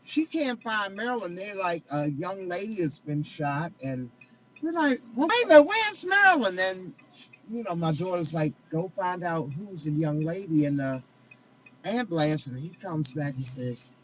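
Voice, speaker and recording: A woman's voice: deep voice, a little slow. A middle-aged woman calling in from her car, retelling events dramatically and emotionally. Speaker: caller. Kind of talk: casual storytelling on a call. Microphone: phone call. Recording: muffled distant call with crowd noise.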